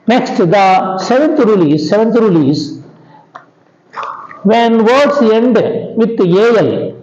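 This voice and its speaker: Slow teacher, high voice. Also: male voice, expressive, a little mellow. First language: Telugu. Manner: slow, repetitive, keeps asking "understand?". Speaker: English grammar teacher. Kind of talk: classroom lecture. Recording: echoey room, dull lo-fi sound.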